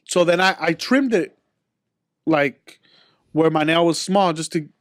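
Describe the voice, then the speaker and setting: A man's voice: a little high, measured pace, no echo, studio quality. A young man hosting a podcast, telling a rambling story in casual chat with friends, full of slang and swearing. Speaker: podcast host.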